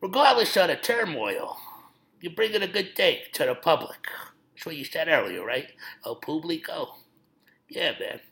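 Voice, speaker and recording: A man doing an impression of a famous actor, playing a tough middle-aged man with a laid-back, gruff mobster drawl. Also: fairly high pitch, very animated, moderate pace, fairly bright tone, heavily acted. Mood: friendly.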